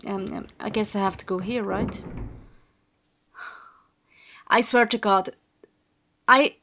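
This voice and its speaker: A woman's voice: medium pitch, a bit bright, slight background noise. A young woman commentating her video game play casually, frustrated and swearing often at the game. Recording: game music behind the voice.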